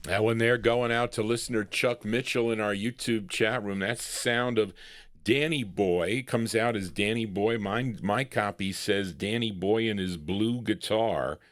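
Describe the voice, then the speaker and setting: A man's voice: on the low side, unhurried, a bit bright. A man hosting a live record show, introducing songs in casual, rambling patter and chuckling at himself. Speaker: radio-style record show host.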